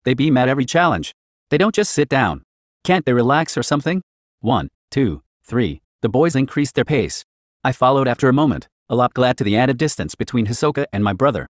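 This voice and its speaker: A man reading a first-person fan fiction story aloud in an even, flat manner. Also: medium pitch, a little fast, no room sound, clean studio sound. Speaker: narrator.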